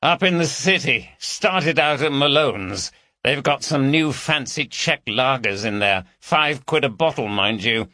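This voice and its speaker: A man's voice: medium pitch, animated, a little slow, sharp tone, no echo, voice pushed up. A man voicing a raucous, cheeky lad from London, full of banter. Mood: teasing.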